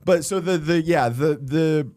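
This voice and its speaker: A man's voice: a little high, a little slow, darkish tone, no echo. A man who is a comedian and podcast host, telling rambling, anecdotal stories in casual chat.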